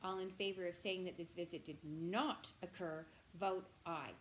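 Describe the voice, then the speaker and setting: A woman's voice: fairly low pitch, fairly even intonation, moderate pace, a little hiss or hum, close to an everyday voice. A woman reading aloud, voicing a stern elderly male head mouse who leads a council, in a firm, commanding way.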